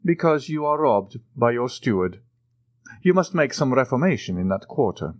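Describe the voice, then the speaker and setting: A composed count speaks in a measured, assured tone, his pitch a little lifted and moving freely, as a male audiobook narrator voices him. The recording is close and dry. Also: very animated, no echo, lightly acted.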